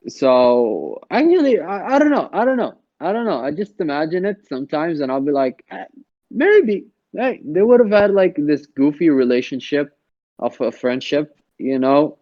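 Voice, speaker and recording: A man's voice: on the high side, sing-song, moderate pace, no room sound. A man co-hosting a podcast, joking around in a goofy, crude way in casual chat. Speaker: podcast co-host. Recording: dry, dull lo-fi mic.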